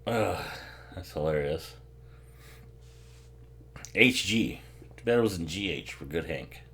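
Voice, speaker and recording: A man's voice: sits low, expressive, slow pace, fairly bright tone, slightly rough. A man giving casual, laughing commentary while watching a movie, swearing freely and rambling as he drinks bourbon. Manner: profane, laughing often, rambling.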